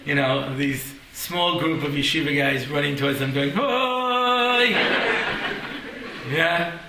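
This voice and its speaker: A man's voice: mid-range voice, steady tone, normal speed, roomy sound, background noise. A man teaching a Torah class, telling stories with jokes and acted-out voices and often checking in with "yeah?".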